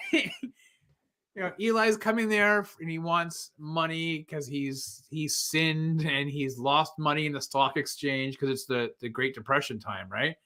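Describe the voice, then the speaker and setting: A man's voice: fairly high pitch, fairly even intonation, measured pace, bright, forceful tone. A man co-hosting a podcast, chatting casually about a movie, laughing often and acting out lines. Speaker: podcast co-host.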